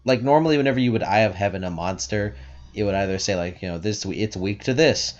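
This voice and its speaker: Casting note: low-voiced male game master, rambling, lo-fi sound. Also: quick pace. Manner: rambling, filler-heavy explaining. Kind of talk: narrating a tabletop game.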